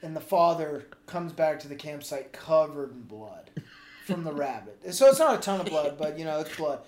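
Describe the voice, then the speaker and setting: A man's voice: on the high side, animated, normal speed, a little mellow. A man co-hosting a comedy podcast, casually spinning a crude, gory improvised story. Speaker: podcast co-host. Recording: roomy echo with faint background noise.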